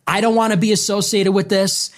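A woman's voice: medium pitch, level tone, fairly quick. Combative sarcastic woman ranting. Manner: combative, sarcastic, repeating phrases for emphasis. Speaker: political commentator. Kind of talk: heated political rant.

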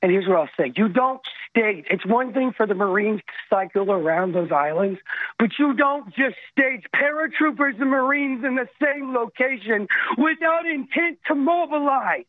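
An army veteran calls in to a radio show over a tinny phone line, his very high-pitched voice lively and at normal speed in a dry recording. It's an impassioned rant: he speaks intensely and pleadingly, his voice cracking with emotion.

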